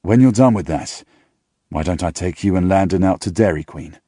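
A man's voice: sits low, moderate pace, dark tone, husky, dry recording, clean studio sound. A man doing a joking middle-aged dad. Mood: jovial. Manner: light, joking.

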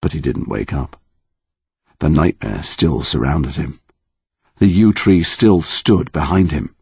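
A man narrating a dark storybook with slow, highly dramatic delivery. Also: animated, creaky, slightly rough, dry recording. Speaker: audiobook narrator.

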